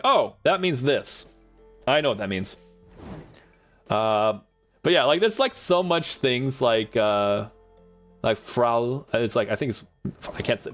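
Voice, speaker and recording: Rambling male streamer chatting with chat. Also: medium pitch. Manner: rambling, heavy on "like", laughs often; reading and answering chat. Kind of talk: casual live-stream chat.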